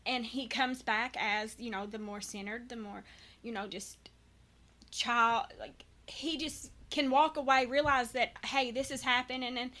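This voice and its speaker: A woman's voice: fairly high pitch, fairly even intonation, a little slow, pushed and bright. A woman in her thirties, a guest, talking candidly and earnestly about parenting, with many false starts and restarts. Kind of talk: candid personal conversation.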